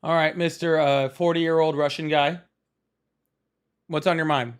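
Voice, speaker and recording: Brief: man, live call-in host, teasing questions, a little high-pitched. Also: flat delivery, a little hiss or hum. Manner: teasing, quick-fire questions. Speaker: show host. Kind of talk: live call-in talk show.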